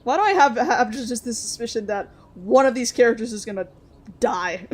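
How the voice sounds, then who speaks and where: A woman streamer reading a story game aloud and joking between lines in an expressive manner. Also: a little high, fairly quick. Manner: expressive, jokey.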